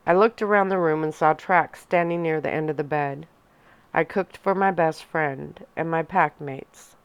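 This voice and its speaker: A woman reading a young adult novel aloud in a soft-spoken ASMR storytelling style, narrating in first person. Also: low voice, clean tone, no room sound. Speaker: audiobook reader.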